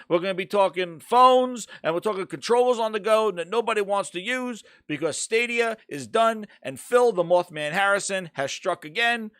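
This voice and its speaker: Man, gaming podcast host, fairly high voice, dry close mic, ranting and profane. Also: a bit bright, clean tone, no echo. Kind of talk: casual gaming chat.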